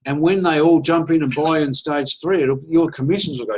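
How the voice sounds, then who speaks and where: A man giving a persuasive pitch on a video call, slightly higher-voiced than most men. He sounds enthusiastic and chatty, and he slips into short acted-out phone conversations. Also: brisk, hardly any pauses, darkish tone, muffled recording, a little hiss or hum. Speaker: presenter at an online business opportunity meeting.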